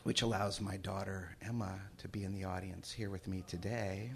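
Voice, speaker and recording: A middle-aged man telling a personal story to a live audience, moving from hushed asides to loud dramatic moments. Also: low voice, fairly even intonation, normal speed, background noise. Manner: shifts from hushed asides to loud shouted reading. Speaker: storyteller on stage. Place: stage before a live audience.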